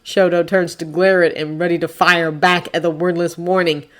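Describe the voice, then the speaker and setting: A woman narrating fiction as an audiobook, expressive and voicing characters. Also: lowish voice, moderate pace. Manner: expressive, acting out voices. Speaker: fanfiction reader.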